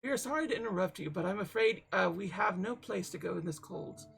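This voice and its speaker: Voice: medium pitch, big pitch swings, moderate pace, creaky, a bit bright. A streamer voicing a polite, well-spoken man in a plague doctor mask, reading a game aloud with formal, courteous phrasing. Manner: courteous, genteel and overly formal. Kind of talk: let's-play reading aloud.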